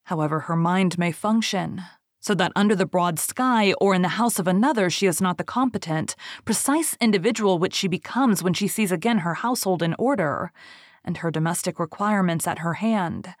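Woman narrator, storybook reading, measured, low voice, dry sound. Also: no echo. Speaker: reader.

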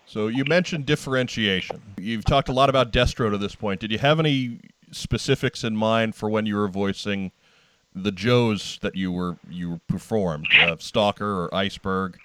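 A man hosting a podcast, asking the guest calm, brief follow-up questions. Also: lowish voice, moderate pace, a little hiss or hum. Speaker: podcast host. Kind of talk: interview question.

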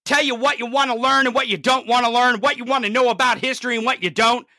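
A commentator delivering an angry, profanity-heavy political rant, swinging from low growls to shouts. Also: steady tone, fast, dry recording, clean studio sound.

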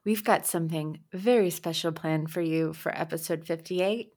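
A woman's voice: deep voice, moderate pace, a little mellow. A woman co-hosting a podcast in casual chat, playful and often laughing. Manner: giggly, playful, jokey. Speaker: podcast co-host.

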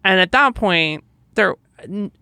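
A woman recounts a painful memory on a podcast, slipping into the voices of the people in it as she goes. Her voice is bright and forward, caught close to the mic with no room around it. She sits in an ordinary middle pitch. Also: animated, takes it slowly, vocal fry, no echo. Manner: emotional, vivid retelling with quoted dialogue. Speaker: podcast co-host. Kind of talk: personal storytelling.

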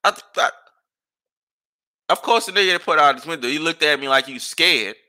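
A man's voice: a little high, animated, fairly quick, bright, forceful tone. A man hosting a podcast, ranting casually and with exasperation, firing off rhetorical questions and curses. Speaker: podcast host.

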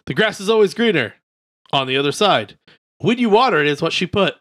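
A man co-hosting a casual comedy podcast, reading comedians' jokes aloud in a deadpan way between crude banter. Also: sits high, fairly quick, no room sound, clean studio sound. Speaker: podcast co-host.

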